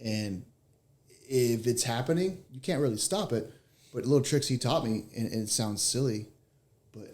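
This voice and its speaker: A man's voice: mid-range voice, moderate pace, darkish tone. An American man hosting an interview, talking reflectively from shared experience. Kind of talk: conversational interview.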